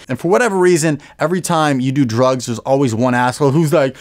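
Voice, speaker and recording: Profane young man telling a wild story. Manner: rapid, profane, jumps high for punchlines and acts out people. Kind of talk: animated comic storytelling.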